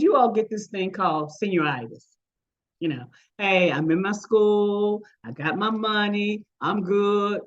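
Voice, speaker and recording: A woman's voice: fairly low pitch, lo-fi sound. An older woman, a retired teacher, presenting an online workshop and telling stories with acted-out quoted voices. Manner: storytelling, acts out quoted voices. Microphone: video call.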